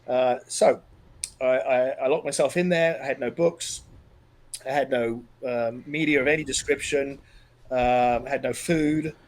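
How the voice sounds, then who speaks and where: A middle-aged man telling a personal story as a podcast guest, earnest and emotional, halting and restarting as he talks. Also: mid-range voice, fairly even intonation, rough recording. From Australia.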